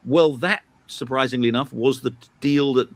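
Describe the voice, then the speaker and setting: A man's voice: mid-range voice, moderate pace, no room sound. A man giving political commentary on a talk show, hesitant and full of fillers and restarts, turning emphatic as he argues. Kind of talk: analytical commentary chat.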